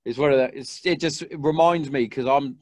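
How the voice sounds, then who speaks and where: A man's voice: mid-range voice, a little fast, darkish tone, no room sound. A man hosting a podcast in casual, laddish chat, swearing and laughing easily. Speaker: podcast host.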